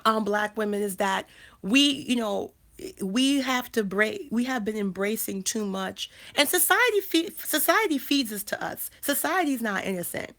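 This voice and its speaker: A woman's voice: a little high, expressive, normal speed, a bit bright. A woman in her thirties hosting a casual livestream, talking emphatically and repeating phrases with frequent restarts. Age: 30s. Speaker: life coach and channel host.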